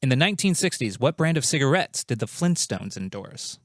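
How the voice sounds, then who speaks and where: A man's voice: medium pitch, very animated, a little fast, no room sound, clean studio sound. A man hosting a comedic quiz show, reading out questions and answers in a playful, jokey, self-mocking way.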